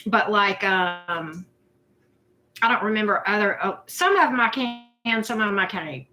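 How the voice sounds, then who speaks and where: A woman's voice: mid-range voice, expressive, unhurried, bright, forceful tone. A woman, hosting a casual live chat, greeting viewers by name in a loose, self-deprecating way. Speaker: livestream host.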